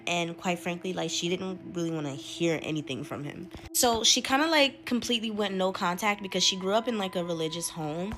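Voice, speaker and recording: A woman telling a gossip story casually, animated and often laughing. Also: mid-range voice, slight background noise.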